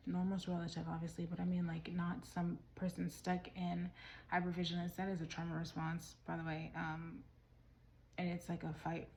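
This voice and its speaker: A woman's voice: on the low side, gravelly, noisy background. A woman giving a casual tarot reading while out of breath, rambling and restarting her sentences, sometimes dropping to a whisper. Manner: rambling, restarts and trails off mid-thought. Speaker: tarot reader.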